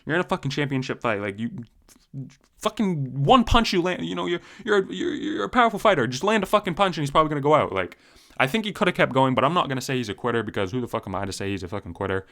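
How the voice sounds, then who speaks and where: A man's voice: medium pitch, sing-song, quick pace, a bit bright. A young man giving profane, heated, casual commentary on fighters, full of slang and fillers. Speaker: MMA commentary YouTuber.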